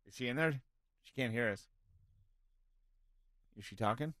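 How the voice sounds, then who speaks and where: A man's voice: medium pitch, moderate pace, fairly bright tone, no room sound, studio quality. A man hosting a radio show, explaining the game rules and teasing his co-hosts with frequent laughter. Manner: playful, laughing, teasing host. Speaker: radio host. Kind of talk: casual radio chat.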